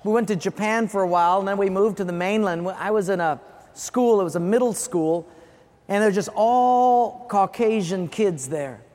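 A man's voice: sits high, normal speed, a little mellow. A male pastor from Hawaii preaching a sermon, telling personal stories earnestly and repeating phrases for emphasis. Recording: echoey hall reverb.

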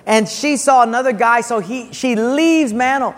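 A man preaching a sermon as pastor, animated in his storytelling and acting out characters with loud bursts. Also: very high voice, normal speed, long reverb tail.

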